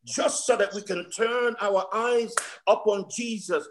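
A man preaching a fervent sermon to his congregation, stammering through restarts and drawing out key phrases slowly for emphasis. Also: high-pitched. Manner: addresses the congregation as saints.

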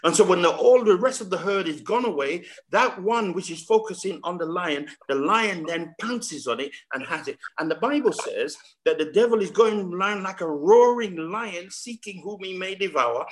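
A man's voice: high voice, animated, normal speed, hardly any pauses. A man, preaching a sermon over a video call. He repeats words, builds emphasis and keeps asking the congregation questions. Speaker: pastor.

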